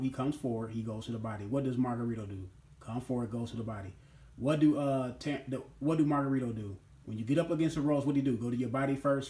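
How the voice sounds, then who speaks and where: A man's voice: mid-range voice, darkish tone. A man hosting a casual boxing opinion monologue, talking emphatically and repeating his points. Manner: emphatic and repetitive, keeps asking "you know what I'm saying". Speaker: boxing commentary host. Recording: roomy echo.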